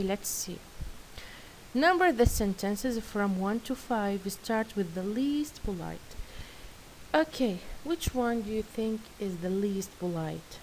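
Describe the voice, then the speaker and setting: Female teacher, unhurried, encouraging, light hiss on the track. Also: mid-range voice, a little mellow, poor audio. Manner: patient, praising, careful and slow. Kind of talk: classroom lesson, reading workbook answers. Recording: faint hiss.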